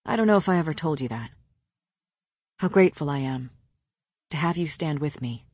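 A woman voicing a quiet, tender male war leader with wings, speaking low and hushed in a story reading. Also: lively intonation, normal speed, husky, no echo. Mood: solemn.

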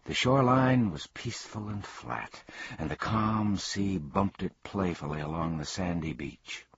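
A man narrating a children's storybook in an expressive, animated way. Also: low voice, measured pace, slightly rough, no room sound. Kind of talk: storybook reading. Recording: dull, dry lo-fi recording.

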